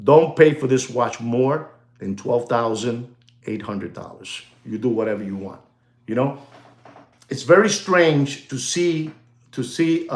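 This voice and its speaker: A man's voice: mid-range voice, animated, measured pace. A man casually talking watches and the gold market to his viewers, rambling and repetitive, dropping "you know" and bits of Spanish slang. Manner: chatty, repeats phrases, many "you know"s, slips into Spanish slang; hypes and jokes with the audience, calls them "ladies and gentlemen". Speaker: watch dealer and market commentator. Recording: roomy echo.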